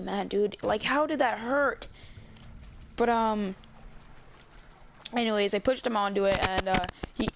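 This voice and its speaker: A man's voice: high voice, gravelly, slight background noise. A male YouTuber telling a storytime vlog in a rambling, casual way, full of restarts and swearing. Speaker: YouTube gamer channel host.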